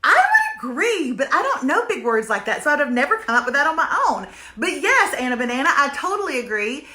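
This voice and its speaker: Woman, show-review host, casual livestream chat, emphatic repetition, bright voice, echoey room. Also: sits high, wildly swooping pitch, fairly quick. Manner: emphatic, repeats lines for comic effect. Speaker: host reviewing streaming shows. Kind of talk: casual livestream chat, reading viewer comments.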